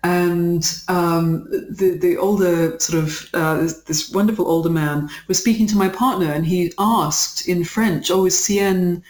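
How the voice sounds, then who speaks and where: A guest talking casually in an interview, chatty and animated, often saying "like". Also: mid-range voice, measured pace, few pauses, roomy sound. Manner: chatty and animated, with frequent "like" fillers and laughter.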